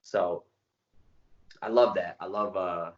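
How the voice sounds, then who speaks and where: Podcast co-host, man, low voice, chatty and rambling, dull lo-fi recording. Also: slow, reverberant. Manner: rambling, excitable storyteller. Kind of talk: casual chat. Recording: dull lo-fi sound.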